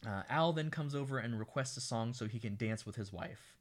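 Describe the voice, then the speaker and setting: A man's voice: mid-range voice, brisk. A man co-hosting a casual podcast, recapping an old film scene by scene and acting out the characters' lines. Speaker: podcast co-host. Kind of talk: casual movie recap chat.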